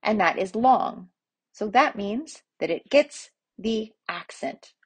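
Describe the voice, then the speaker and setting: A woman teaching pronunciation in a relaxed spoken lesson, patient and explaining step by step with examples. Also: medium pitch, slow, slightly rough. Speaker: Latin teacher.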